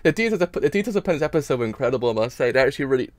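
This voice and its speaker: A man's voice: medium pitch, animated, racing, no echo. Tearful man rambling in a dry booth. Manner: tearful, rambling, repeats himself. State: crying. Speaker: anime reaction streamer. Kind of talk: emotional casual reaction talk.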